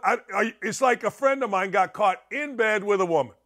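Here is a middle-aged male talk-show host with a notably high voice. He rants through an opinionated monologue, sarcastic and mocking, as he hammers his points home. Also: a little fast, hardly any pauses, fairly bright tone. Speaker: sports radio host.

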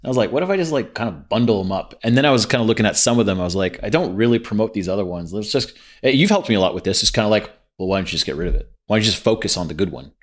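Fast-talking, animated man telling stories. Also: fairly low pitch. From India. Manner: animated storyteller, acts out quoted dialogue. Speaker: guest entrepreneur. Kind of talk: casual podcast chat.

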